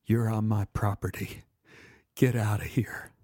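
A man voicing a scared, crying eight-year-old boy who yells and then whispers threats. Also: fairly low pitch, expressive, normal speed, breathy edge, no room sound, studio quality, pitched below the performer's own voice. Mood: menacing whisper.

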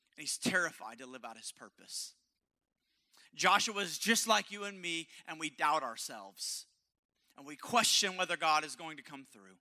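A male pastor preaching an impassioned sermon at a church service, hoarse, dropping to a hush and then rising loud. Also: high voice. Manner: impassioned, swinging from hushed to loud.

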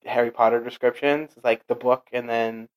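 A man from Portugal chatting casually, swearing now and then and slipping into quick put-on voices while telling stories. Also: mid-range voice, steady tone, clean tone, low-quality recording. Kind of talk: casual chat.

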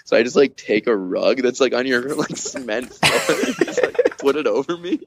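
A man's voice: mid-range voice, lively intonation, normal speed, a crowd in the background. A man chatting as a podcast guest, telling a long story in a loose, casual way, full of fillers and swearing, with laughs at the funny parts.

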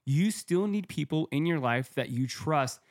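A man's voice: fairly high pitch, measured pace. Conversational man, co-host. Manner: energetic, conversational, uses sports comparisons. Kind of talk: casual podcast discussion.

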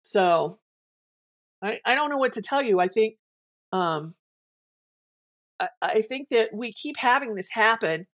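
A woman's voice: on the high side, lively intonation, measured pace, pauses often. A woman co-hosting a podcast in casual chat, blunt and opinionated, often restarting her sentences.

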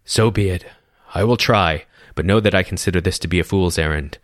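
A man voicing a weary, commanding male chieftain in a storybook reading, in a measured, authoritative way. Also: low voice, no room sound, clean studio sound, lightly acted. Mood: stern.

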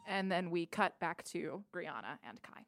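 Woman game master with lively pitch. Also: unhurried, creaky. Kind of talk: narrating a tabletop game.

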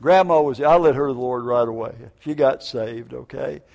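An older man preaching a sermon as a prison minister, telling stories in an animated, jokey way with stammered restarts. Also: mid-range voice, moderate pace, vocal fry. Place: church. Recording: reverberant church hall.

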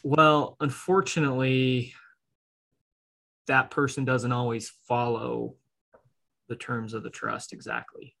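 A man's voice: medium pitch, lively intonation, slow pace, gravelly, pauses often, bright, forceful tone. A man co-hosting a casual podcast conversation, explaining estate planning in an easygoing way and laughing often. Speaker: estate planning attorney co-host.

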